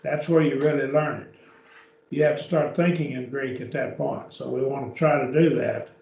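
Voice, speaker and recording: A man's voice: medium pitch, fairly even intonation, normal speed, vocal fry, darkish tone. A man teaching a beginners' Greek class, patiently explaining step by step and often checking with "okay?", recorded from a distance. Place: church classroom. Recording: echoey room, distant mic, dull lo-fi.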